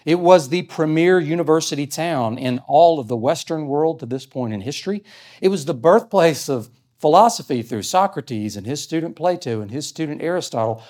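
A man's voice: a little high, normal speed, a little mellow. Earnest male pastor teaching scripture. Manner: earnest, explanatory, reads scripture aloud. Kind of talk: sermon teaching.

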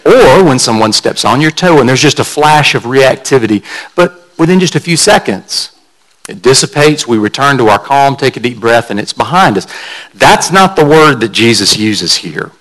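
A man preaching a sermon at a middle pitch. He speaks as a pastor in a relaxed, storytelling way, as if talking with his listeners. He takes time to explain word meanings as a teacher would. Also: normal speed, low-quality recording.

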